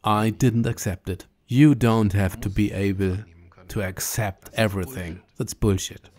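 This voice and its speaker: A man's voice: lowish voice, fairly even intonation, unhurried, a little mellow. A man with a German accent, talking casually to camera about a long walk, chatty and blunt, often laughing. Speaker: vlogger walking a pilgrimage trail. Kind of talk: casual spoken travel diary.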